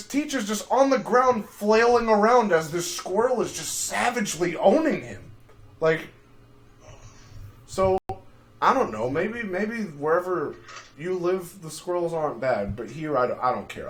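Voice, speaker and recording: A young man chats casually on a livestream. His delivery is rambling and profane, full of crude dark humor, and a faint noise hangs behind him. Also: high-pitched, animated, moderate pace. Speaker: livestream host.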